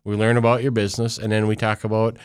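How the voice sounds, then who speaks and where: A man's voice: fairly low pitch, completely flat delivery, fast talker, clean tone, no room sound, clean studio sound. A man who is a vice president at an IT company, a guest on a radio show, talking affably and poking fun at himself. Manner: affable, self-deprecating, with frequent restarts. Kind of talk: casual radio interview.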